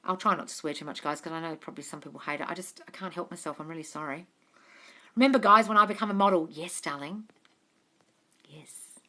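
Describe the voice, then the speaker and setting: A blunt Australian manifestation coach with a bright but low-sitting voice talks fast during a casual live-stream Q&A, reading out comments. She's frank, swears freely and calls viewers darling, all captured on a phone during the live stream.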